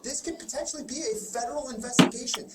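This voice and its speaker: Blunt detective in an echoey room. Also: male voice, extremely high pitch, very fast. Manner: blunt, lecturing, pressing. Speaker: police detective. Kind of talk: police interrogation. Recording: echoey, distant, noisy room recording.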